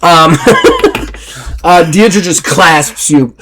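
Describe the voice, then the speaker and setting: A man narrating a tabletop game as game master, animated and quick to laugh. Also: a little high, noisy background.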